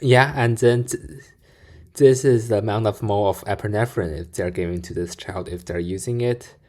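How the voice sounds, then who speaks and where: Reactor host, calm, methodical step-by-step explainer. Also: male voice, lowish voice, moderate pace. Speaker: video reactor. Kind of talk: reaction commentary.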